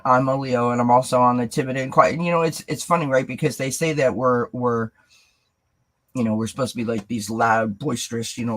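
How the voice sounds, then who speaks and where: A woman with a bass voice hosts her tarot channel on a live stream, chatting casually, greeting viewers by name, and laughing a lot. The recording is rough.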